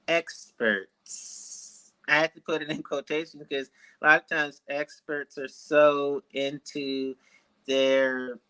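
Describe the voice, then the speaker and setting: A man of about thirty from Washington, D.C., telling his life story as an author guest in an interview, in a deliberate, measured and articulate way. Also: fairly high pitch, steady tone, sharp tone, clear, resonant tone, low-quality recording.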